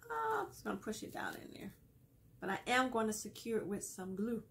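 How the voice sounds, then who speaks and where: Gravelly-voiced woman hosting a craft tutorial. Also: on the high side, sing-song, brisk, slight background noise. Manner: chatty, explains steps as she works, laughs often. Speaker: craft video host.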